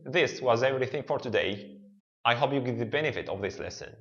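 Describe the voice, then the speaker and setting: A man who speaks Arabic natively, teaching an alphabet lesson in English and sounding out each letter slowly and deliberately. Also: mid-range voice, lively intonation, dull audio. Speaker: language teacher.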